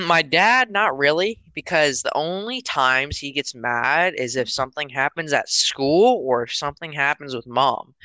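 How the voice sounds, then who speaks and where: Teen male co-host, rambling storyteller, slightly high and crisp. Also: dry recording, rough recording. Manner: rambling, acts out parents in loud quotes. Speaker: podcast co-host. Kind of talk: casual chat.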